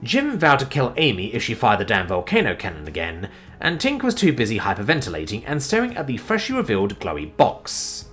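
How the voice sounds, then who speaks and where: A man narrating a sci-fi war story in an animated, expressive way, with sudden swings in pitch and loudness. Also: fairly quick, faint music behind.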